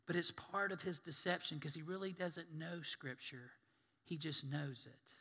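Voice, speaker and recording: A man preaching a sermon, animated and storytelling, acting out the scenes he describes. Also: on the high side, a little slow, slightly rough. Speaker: pastor. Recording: long hall reverb.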